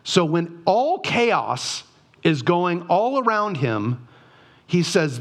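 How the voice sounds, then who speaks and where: Slow, animated man teaching from Scripture. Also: high voice. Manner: earnest, reflective, asks rhetorical questions. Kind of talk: devotional Bible reading and teaching.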